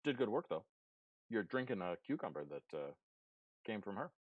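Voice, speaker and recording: A man's voice: on the low side, very animated, normal speed, no echo, narrow, tinny audio. A man voicing a blunt, businesslike female dragonborn barkeeper in a tabletop game, answering in short, laconic replies. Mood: curt.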